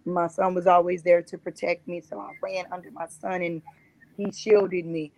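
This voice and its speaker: A woman's voice: lowish voice, level tone, moderate pace, a little mellow, poor audio. A woman guest on a talk show, earnestly recounting a personal experience and often repeating herself. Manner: earnest, repetitive storytelling.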